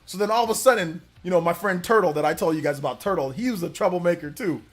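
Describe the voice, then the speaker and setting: A man's voice: sits high, quick pace. A young man hosting a livestream, telling a rambling school story in casual chat and thanking viewers for donations. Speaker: livestream host.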